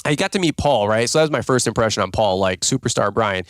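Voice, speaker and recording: A man hosting a podcast, telling rambling, self-mocking stories full of fillers and jumping up in pitch whenever he quotes someone. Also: expressive, fast talker, a bit bright, dry recording, clean studio sound. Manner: filler-heavy, self-mocking, jumps into higher-pitched voices when quoting people. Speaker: podcast host. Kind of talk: casual rambling storytelling.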